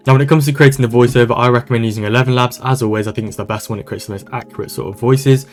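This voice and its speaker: Fast-talking man giving a tutorial. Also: medium pitch, steady tone, faint music behind. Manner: brisk, casual, upbeat instructional talk. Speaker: online business coach. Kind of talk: screen-recorded software tutorial. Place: voice-over on a screen recording.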